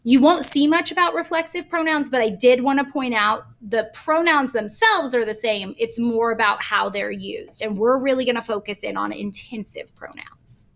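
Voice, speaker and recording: A woman's voice: fairly high pitch, moderate pace, vocal fry, hardly any pauses, a bit bright. A woman teacher recording a grammar lesson, patiently explaining with examples step by step.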